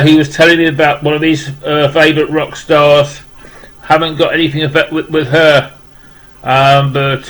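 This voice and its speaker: Man, slightly high voice, flat monotone delivery, rambling casual unboxing chat. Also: low-quality recording. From West Midlands, England. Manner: rambling, repeating "wow" and restarting with many fillers. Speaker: vlogger opening a parcel of rock music gifts.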